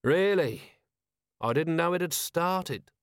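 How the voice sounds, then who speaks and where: A man's voice: fairly high pitch, expressive, slow, clean tone, no room sound, pitched above the performer's own voice. A man voicing a tired, sarcastic middle-aged police commander in an audiobook. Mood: dry sardonic. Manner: dry, sarcastic.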